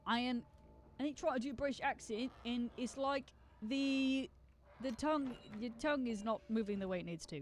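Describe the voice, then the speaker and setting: A woman's voice: fairly high pitch, normal speed, a little hiss or hum. A young woman streamer with a slight Southern US accent, chatting casually while she plays, rambling and joking and swearing freely. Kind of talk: casual gaming stream chat.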